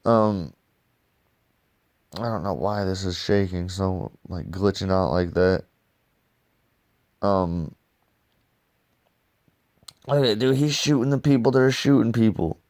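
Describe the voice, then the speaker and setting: A man casually reviewing comic books in a loose, slangy, excitable way. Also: sits low, takes it slowly, long pauses.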